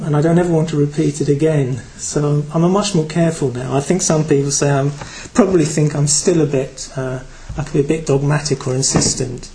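A man's voice: fairly high pitch, mellow, slight background noise, low-quality recording. A man from Britain giving a Buddhist talk to a group, reflective and hesitant, with many fillers. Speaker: Buddhist teacher.

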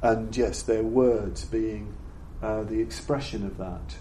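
An older man giving a reflective Buddhist dharma talk to an audience. He speaks in a halting, thoughtful way and often repeats words while he searches for the phrasing. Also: lowish voice, fairly even intonation, dark tone. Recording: roomy echo with faint background noise.

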